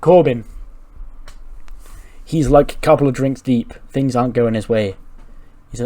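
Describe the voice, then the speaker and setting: Guy narrating his wrestling sim save, cussing and chuckling, mid pitch. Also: unhurried, dark tone. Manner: swears freely, laughs, rambling. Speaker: gaming channel host. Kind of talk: casual let's-play narration.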